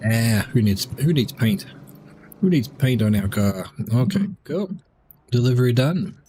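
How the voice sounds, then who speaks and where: With a medium-pitched voice and a slightly slow delivery, a man streams a game, muttering casual remarks and talking while he eats. There's a little hiss or hum on the recording.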